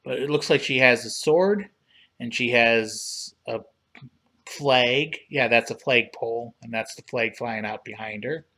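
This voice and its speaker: A man with a mid-range voice hosts a casual livestream reviewing collectible figures. He talks in a relaxed, unhurried way while browsing and reading things aloud.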